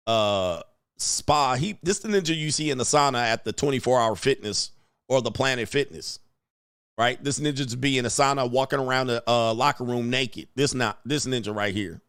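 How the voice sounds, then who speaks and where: A man hosting a reaction show, mocking what he watches in a loud, slangy way. His voice sits at an ordinary pitch. The recording is dry and close. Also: normal speed, smooth, dry recording. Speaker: commentary host. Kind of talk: casual reaction commentary.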